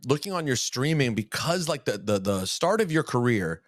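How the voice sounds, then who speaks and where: A man's voice: mid-range voice, big pitch swings, normal speed, no room sound, studio quality. A man co-hosting a casual podcast interview, asking long, rambling questions with a lot of restarts. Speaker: podcast co-host.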